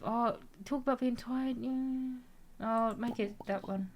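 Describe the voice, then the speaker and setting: A woman's voice: on the high side, steady tone, slow. A young British woman chatting casually on a game stream, reading chat aloud and answering with some swearing.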